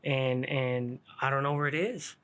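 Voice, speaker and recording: A man's voice: medium pitch, fairly even intonation, unhurried, fairly bright tone, smooth. A man telling a story from his own past in casual, slangy street talk, swearing freely and laughing along.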